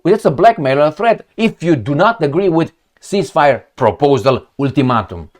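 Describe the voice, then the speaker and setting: Sarcastic, animated male commentator. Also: fairly high pitch, moderate pace, hardly any pauses. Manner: sarcastic, animated, swears, talks to viewers as friends. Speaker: political commentator. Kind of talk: casual commentary reading articles on screen.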